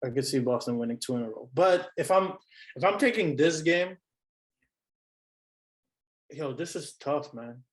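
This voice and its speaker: A man with a fairly high voice joins a casual sports chat as the coach. He thinks aloud, hesitant, and repeats himself before he commits to a point. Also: lively intonation, unhurried, long pauses, low-quality recording. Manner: thoughtful, hesitant, repeats phrases. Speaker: basketball coach guest on sports podcast.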